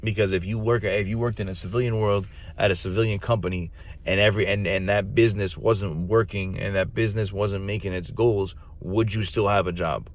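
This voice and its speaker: A man's voice: lowish voice, steady tone, a little fast, a little hiss or hum. A man in his thirties, a Marine recruiter, talking casually and bluntly with profanity and slang. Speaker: podcast host, Marine recruiter. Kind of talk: casual chat.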